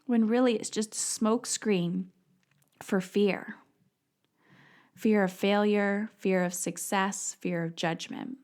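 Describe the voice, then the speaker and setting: A woman's voice: mid-range voice, steady tone, slow, darkish tone. A woman in her thirties hosting a solo podcast, talking bluntly and with emphasis, swearing freely as she coaches her listeners.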